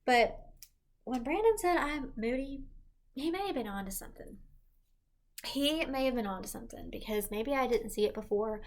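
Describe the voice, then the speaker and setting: A woman's voice: on the high side, lively intonation, moderate pace. Chatty young woman, rambling vlog confessional. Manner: rambling, heavy use of "like", self-correcting. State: pregnant. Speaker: pregnancy vlogger.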